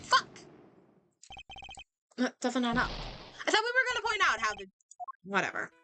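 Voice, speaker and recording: A woman playing a video game, reading its dialogue and reacting in excitable commentary, swearing and talking back to the characters. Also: on the high side, fast, noisy background. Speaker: gamer streamer. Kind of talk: let's play commentary. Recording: clear game music behind voice.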